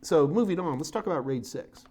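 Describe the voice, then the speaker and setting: A man's voice: a little high, animated, brisk, darkish tone, slightly rough. Joking middle-aged man teaching tech. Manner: casual, joking, talking through slides. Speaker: IT certification instructor. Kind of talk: live-streamed technical lecture.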